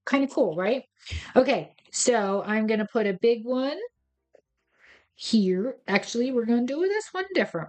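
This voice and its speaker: A woman's voice: on the high side, expressive, measured pace, soft background music. A woman hosting a craft tutorial, chatty and playful as she talks viewers through each step. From United States. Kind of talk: casual step-by-step craft demonstration.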